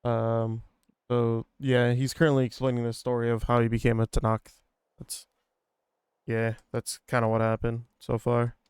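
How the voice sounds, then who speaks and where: A man's voice: medium pitch, completely flat delivery, normal speed, darkish tone, clear, resonant tone, dry recording. Rambling, profane male gamer. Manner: casual, rambling, profane, with lots of "like" and "uh". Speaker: gaming streamer. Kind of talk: let's-play recap commentary.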